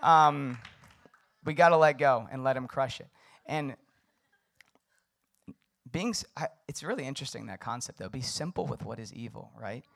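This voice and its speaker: Young male pastor, casual conversational sermon, relaxed and filler-heavy. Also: medium pitch, moderate pace, creaky, pauses often.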